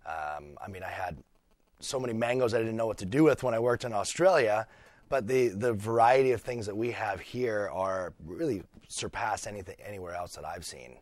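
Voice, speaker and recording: A chef from British Columbia talks easily as a radio studio guest, his voice sitting fairly low. He is friendly and relaxed, often pausing on small fillers as he thinks. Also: dry recording. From British Columbia, Canada. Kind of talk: casual radio interview.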